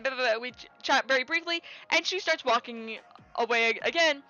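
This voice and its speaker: A young woman streamer chatting casually, telling a story with lots of fillers, restarts and excited quoted lines. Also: high-pitched, fairly quick, lo-fi sound, soft background music. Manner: animated, rambling with many fillers and restarts, quoting people in raised voice.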